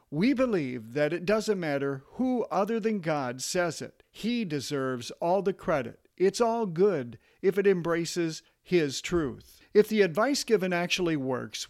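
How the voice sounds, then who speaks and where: A man's voice: high-pitched, darkish tone. A man co-hosting a marriage podcast, reading in an earnest, plain-spoken way. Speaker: podcast co-host.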